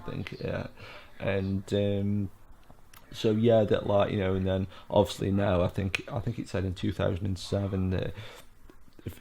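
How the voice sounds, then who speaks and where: A man's voice: lowish voice, vocal fry, warm tone, slight background noise. A middle-aged British man giving a casual solo film commentary, rambling with lots of fillers and asides. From United Kingdom.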